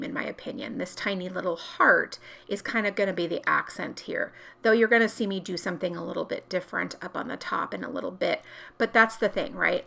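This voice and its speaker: A woman vlogger walks through a planner crafting project in a casual, chatty way, stopping to correct herself as she works. Her voice is bright and forward, with a gravelly, creaky texture. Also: medium pitch.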